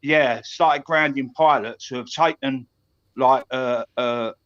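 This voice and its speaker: Middle-aged cockney bloke calling in, rambly, keeps restarting, kinda muffled lo-fi line. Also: male voice, mid-range voice, takes it slowly, fairly bright tone. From East London. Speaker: caller on a stream. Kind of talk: casual chat.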